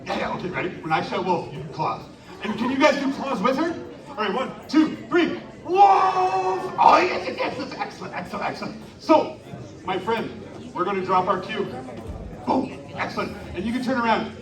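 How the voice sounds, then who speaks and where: A high-pitched man performs as a live children's storyteller on an outdoor winter carnival stage, hosting an interactive show at normal speed. Heard distantly in an echoey recording amid crowd chatter, he animatedly calls out to the audience and urges them to shout.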